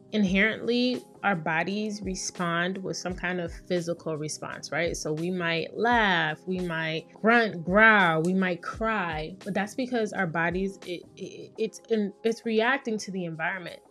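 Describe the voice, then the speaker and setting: A woman, hosting a casual solo podcast as a therapist and talking candidly and playfully. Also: mid-range voice. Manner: candid, playful, acts out quoted voices.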